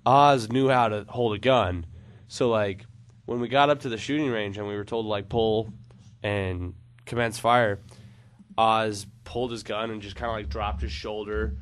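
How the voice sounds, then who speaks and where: A man's voice: on the low side, fairly even intonation, moderate pace. A man telling a long funny story on a casual podcast, rambling with many fillers. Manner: rambling, lots of "like" and "uh", laughs at own story.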